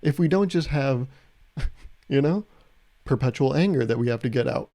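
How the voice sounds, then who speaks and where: A man's voice: mid-range voice, expressive, normal speed, mellow. A young man hosting a solo podcast, talking in a loose, rambling, jokey way and chuckling at his own bits. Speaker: podcast host.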